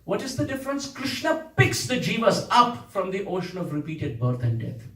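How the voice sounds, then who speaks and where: A man's voice: high voice, big pitch swings, moderate pace, fairly bright tone. A man giving a devotional lecture, telling a saints' story with dramatic, emotional dialogue. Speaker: spiritual teacher. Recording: echoey room, voice from a distance.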